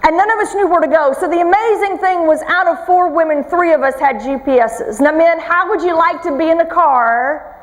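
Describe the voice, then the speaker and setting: A woman's voice: very high-pitched, a little fast. A woman giving a motivational talk on stage, telling stories with humor and teasing her audience. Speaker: motivational speaker. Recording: long reverb of a large hall.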